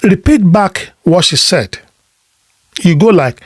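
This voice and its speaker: A man giving motivational relationship advice in deliberate, emphatic short phrases. He asks rhetorical questions and repeats words when he restarts a thought. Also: high voice, animated, slightly rough, dry recording, studio quality. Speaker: relationship coach.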